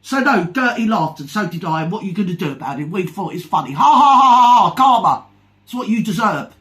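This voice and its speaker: A woman's voice: fairly low pitch, lively intonation, fast, fairly bright tone. Scathing woman ranting. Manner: sarcastic, insulting, scathing. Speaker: commentary channel host. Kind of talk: ranting online commentary.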